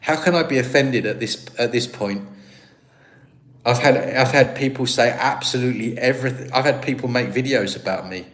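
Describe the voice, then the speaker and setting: British guy chatting on his livestream, rambly, restarts a lot, laughs at himself, average pitch. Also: moderate pace, fairly bright tone. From Britain. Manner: rambling, self-deprecating, restarts sentences. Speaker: livestream host. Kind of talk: casual live-stream chat, reading viewer comments.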